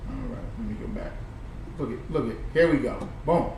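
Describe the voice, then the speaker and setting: Animated high-voiced man preaching in an echoey room. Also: fairly quick. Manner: animated, preachy and profane, laughing often. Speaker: online commentator. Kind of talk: reaction commentary on played clips. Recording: echoey room, far from the mic, faint noise.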